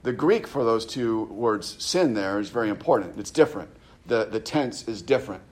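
A man's voice: fairly low pitch, expressive, normal speed, a little mellow. A man, a pastor teaching verse by verse through a Bible chapter in a conversational way, often tagging his points with "right?" and restarting phrases.

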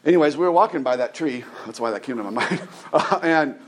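A man's voice: medium pitch, animated, slight background noise. A middle-aged man giving a conversational sermon as a pastor, often restarting his words and asking the listeners rhetorical questions. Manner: halting, repeats words, asks rhetorical questions.

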